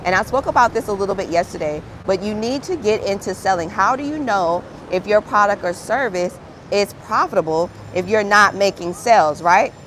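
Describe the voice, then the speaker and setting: A woman grant writer hosts a livestream, chatting upbeat and encouragingly with viewers she calls "friend." Her mid-range voice is expressive and fairly bright at a normal speed, with a little hiss or hum in the audio.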